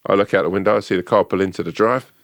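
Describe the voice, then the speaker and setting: A man's voice: deep voice, steady tone, racing, gravelly, no echo, clean studio sound. A man co-hosting a podcast, telling long, jokey, rambling stories and swearing casually. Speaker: podcast co-host. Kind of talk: casual chat.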